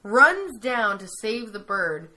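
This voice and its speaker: Bright, lively woman recapping episodes. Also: fairly high pitch, slow pace. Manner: animated retelling, acting out quoted lines. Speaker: podcast co-host. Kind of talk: casual recap chat.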